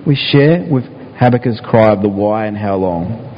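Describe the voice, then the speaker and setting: A man with a fairly low voice preaches a sermon at a moderate pace, at times acting out pleading prayers in a raised voice. The sound is dull and reverberant, as in a hall.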